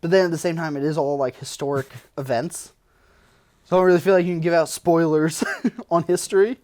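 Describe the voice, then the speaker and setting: A man guest-hosting a podcast in casual chat, excitable and laughing often, swearing and full of fillers. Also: fairly high pitch, fairly quick. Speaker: podcast producer, guest host.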